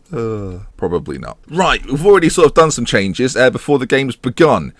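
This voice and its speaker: A man's voice: medium pitch, sing-song, normal speed, no room sound. A man giving casual, sarcastic let's-play commentary, slipping into mock match-commentator patter. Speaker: gaming YouTuber.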